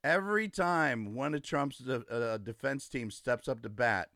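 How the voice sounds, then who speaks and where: A man's voice: medium pitch, a little slow, sharp tone, dry recording, clean studio sound. A man hosting a casual livestream, ranting emphatically and gloating, repeating his points. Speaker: livestream host. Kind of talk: casual political livestream rant.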